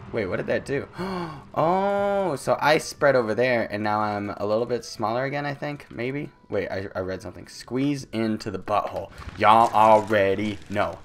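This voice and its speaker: A young man doing loud, joking let's-play commentary, his voice swinging high and low as he plays. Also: moderate pace, slight background noise. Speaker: gaming YouTuber.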